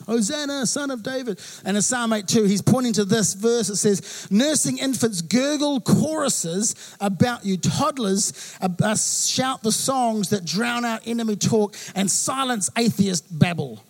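Male pastor in his thirties from New Zealand, high voice, animated sermon storytelling. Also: unhurried, hardly any pauses. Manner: animated storytelling with acted-out quotes.

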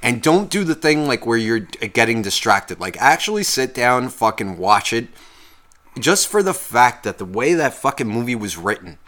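A man's voice: medium pitch, sing-song, normal speed, a bit bright. Profane, heated young man ranting. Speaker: podcast co-host. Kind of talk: casual podcast rant.

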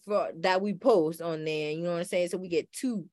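A woman's voice: on the low side, normal speed, darkish tone, no room sound, studio quality. A woman co-hosting a casual podcast chat, loose and slangy, laughing often. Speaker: podcast co-host.

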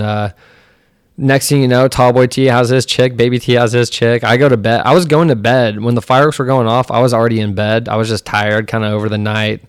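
Young male podcast host, smooth resonant voice, dry close sound, loose profane storyteller. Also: medium pitch, dry recording. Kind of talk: casual storytelling chat.

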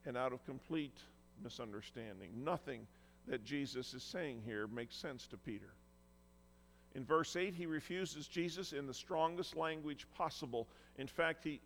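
A man's voice: fairly high pitch, fairly bright tone, in a large hall. A man preaching a sermon as pastor, earnest and emphatic, acting out quoted lines with feeling.

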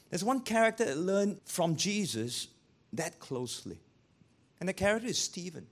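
A male pastor who preaches in an animated way, asking rhetorical questions and acting out quotes. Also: sits high, moderate pace. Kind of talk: sermon.

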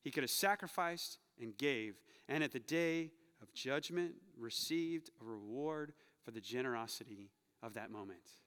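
Um jovem pastor pregando um sermão, contando histórias com humor e exortando a congregação com ênfase crescente. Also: male voice, mid-range voice, animated, normal speed, few pauses, clean tone. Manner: storytelling, joking, rising to loud urging. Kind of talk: sermon. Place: church sanctuary. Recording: long hall reverb.

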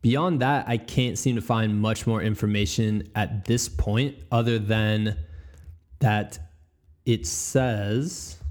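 A man's voice: lowish voice, a little mellow. A man hosting a podcast, chatting casually, rambling and stumbling over his words and laughing easily. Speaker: podcast host.

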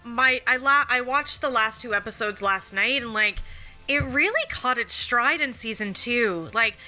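A woman in her thirties talks with a fairly high, strikingly bright voice. She gushes in casual chat, loose and profane, packing her speech with filler likes. Soft music sits faintly behind her. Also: unhurried. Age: 30s. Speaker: podcast co-host.

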